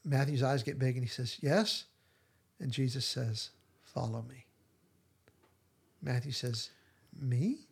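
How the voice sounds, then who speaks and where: A man's voice: mid-range voice, expressive, a little slow, breathy edge. A man hosting a podcast, retelling scenes in casual chat and acting out the quoted lines with animation. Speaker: podcast host.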